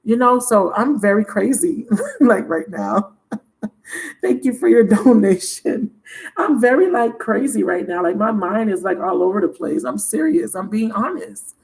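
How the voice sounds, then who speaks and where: Her voice sits in the mid-range, gravelly and a little mellow, expressive and unhurried, captured on a rough recording. She's a tarot reader running her channel's livestream, chatting candidly and animatedly, cursing freely and laughing a lot.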